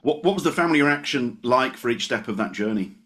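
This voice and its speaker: A man hosting a comedy podcast asks questions in a halting way, restarting his words as he goes. His pitch moves a lot and he sounds lively. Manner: halting, repeats words while asking. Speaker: podcast host. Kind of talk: interview questions.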